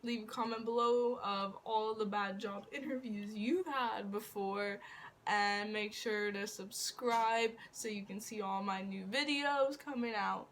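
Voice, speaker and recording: A woman's voice: mid-range voice, unhurried, a bit bright, a little hiss or hum. A young woman vlogger telling a rambling story, laughing often and poking fun at herself. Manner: giggly, rambling, self-mocking. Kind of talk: casual storytelling.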